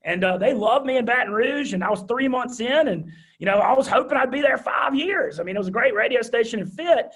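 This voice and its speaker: A young man with a thick Southern drawl, telling his story as an interview guest in a high-energy, animated way. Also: fairly quick, hardly any pauses, slightly rough. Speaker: guest, radio host.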